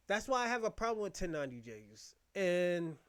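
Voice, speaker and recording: A man's voice: high voice, sing-song, normal speed, fairly bright tone, clear, resonant tone. A man from Boston giving a casual commentary rant, blunt, profane and repetitive as he vents. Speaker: commentary host.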